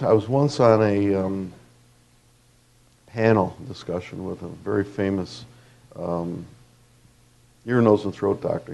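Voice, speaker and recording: A man lectures on anatomy in a low, darkly mellow voice with a gravelly edge. He talks loosely and conversationally, breaking off into stories with fillers and restarts. It sounds like a teacher speaking to a room of students. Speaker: dental lecturer.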